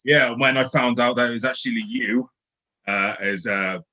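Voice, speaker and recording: A man's voice: mid-range voice, fairly even intonation, moderate pace, bright, forceful tone. A man hosting a casual interview, an eager fan who hesitates with fillers while asking questions. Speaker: podcast host.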